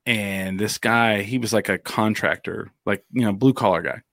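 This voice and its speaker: A man co-hosting a podcast in casual chat, telling stories in an animated way and reacting quickly to the others. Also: fairly low pitch, dry recording, clean studio sound. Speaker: podcast co-host.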